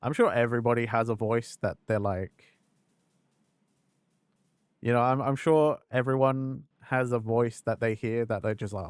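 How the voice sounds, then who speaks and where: A man's voice: medium pitch, normal speed, clear, resonant tone, no echo. Candid, foul-mouthed male streamer. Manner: candid, swears freely, laughs at himself. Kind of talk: casual live-stream chat over gameplay.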